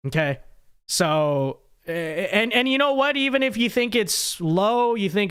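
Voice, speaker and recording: High-voiced young man ranting to viewers. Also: animated, unhurried, a bit bright, clean tone. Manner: rambling, emphatic, talks straight to viewers. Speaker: political commentary host. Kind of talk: casual live reaction commentary.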